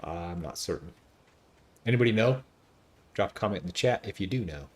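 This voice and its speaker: A man streaming a video game, chatting casually and joking as he thinks out loud. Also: fairly low pitch, lively intonation, brisk. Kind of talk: casual gameplay commentary.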